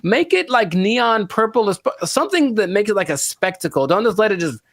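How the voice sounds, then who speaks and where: A man's voice: high-pitched, lively intonation, fairly quick, vocal fry, fairly bright tone, dry recording, clean studio sound. Wry, rambling male podcast co-host. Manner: rambling, wry and easily amused. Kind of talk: casual chat.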